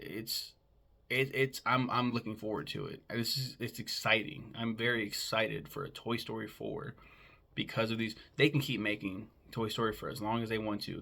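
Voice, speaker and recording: A man's voice: lowish voice, vocal fry, a bit bright. A young man giving a casual, rambling film review, with lots of swearing and ums. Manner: rambling and profane, with frequent ums.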